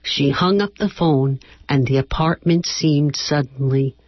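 Low husky woman reading slowly. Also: no echo, lo-fi sound. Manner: slow, measured reading. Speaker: author and guest. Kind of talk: reading her novel aloud, then chat. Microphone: radio studio microphone.

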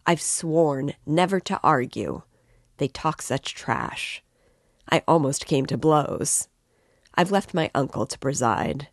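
An excitable, tipsy young man rants and gushes, as a woman reads him aloud. He speaks slowly and deliberately, and the sound is close and dry, with no room around it. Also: deep voice, no room sound, heavily acted. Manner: impassioned, ranting.

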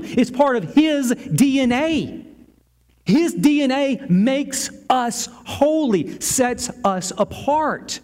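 A man preaching a sermon as pastor, earnest and emphatic, slowing down to stress key words. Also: sits high, darkish tone. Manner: stumbles over a Hebrew word.

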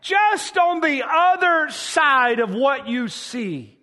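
Male preacher, bright cutting tone, fervent sermon delivery with shouted peaks. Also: very high-pitched, very animated, takes it slowly.

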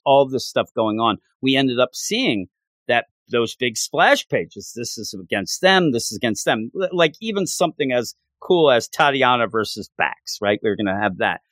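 A man chats about a comic with lots of swing in his voice, jumping up and down as he rambles and restarts his sentences. The sound is close and dry, with no room around him. His pitch sits in the middle for a man. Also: moderate pace, no echo. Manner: animated, rambling, many restarts and fillers. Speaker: podcast co-host. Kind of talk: casual chat reviewing manga.

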